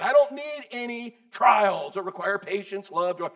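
A man preaching a sermon as pastor, lively and conversational, asking his congregation questions. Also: very high voice, normal speed, few pauses. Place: church.

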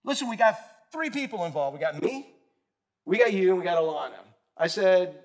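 Guy preaching, kinda high voice, talks to the crowd, asks em stuff, gets loud then quiet. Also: moderate pace. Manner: animated, conversational, swings loud and soft; asks the congregation questions. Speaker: pastor. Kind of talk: sermon.

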